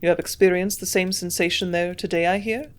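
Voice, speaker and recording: A woman's voice: lowish voice, steady tone, fairly quick, lightly acted. A woman voicing a curious young male doctor who keeps pressing with questions, in her own everyday voice.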